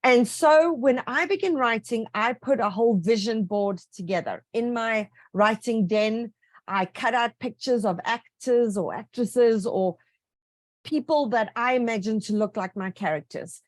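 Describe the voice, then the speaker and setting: A woman author talks about her writing in an eager, storytelling way, full of asides. Her voice sits a little higher than most women's. The sound is close and dry, with almost no room around it. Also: a little slow, no room sound. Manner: lively, enthusiastic storytelling with asides. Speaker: author being interviewed. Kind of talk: casual interview answers.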